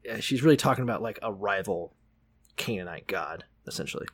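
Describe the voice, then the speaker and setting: A man's voice: fairly low pitch, a little fast, slightly rough. A man co-hosting a casual podcast about the Bible, swearing freely and acting out the people in his stories. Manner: animated storyteller, acts out quotes. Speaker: podcast co-host. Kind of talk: casual profane Bible-reading chat.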